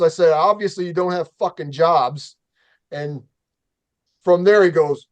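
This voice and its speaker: A man hosting a casual talk show, telling a story in an animated, profane way and acting out the quotes. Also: a little high, a little slow, long pauses. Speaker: show host.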